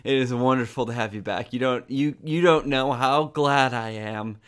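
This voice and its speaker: A man's voice: mid-range voice, moderate pace, a bit bright, clean tone. A young man co-hosting a comedy podcast in casual chat, wry and mock-exasperated with stammering restarts. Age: young adult. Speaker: podcast co-host.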